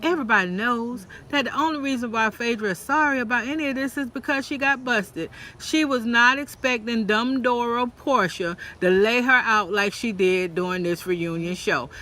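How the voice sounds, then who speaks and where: A man rants in a sassy, animated way, acting out quotes in a mocking voice. His voice sits high and sounds bright and forceful, like a casual vlog commentary. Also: moderate pace, few pauses. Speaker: reality TV commentator.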